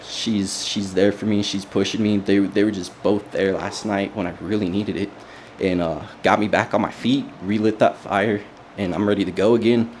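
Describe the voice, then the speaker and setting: A young adult bodybuilder being interviewed tells his personal story casually and earnestly, using lots of fillers. His voice is deep and a little mellow, with slight background noise.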